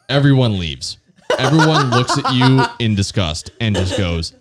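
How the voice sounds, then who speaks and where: A man's voice: mid-range voice, very animated, takes it slowly, a crowd in the background. A man co-hosting a podcast in casual chat, ranting sardonically and swearing. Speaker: podcast co-host.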